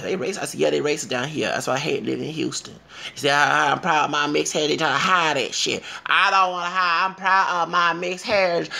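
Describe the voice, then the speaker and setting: A man in a casual vlog rant, emphatic and profane, swinging between low mutters and loud outbursts. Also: vocal fry. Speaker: vlogger. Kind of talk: impassioned personal rant. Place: Houston.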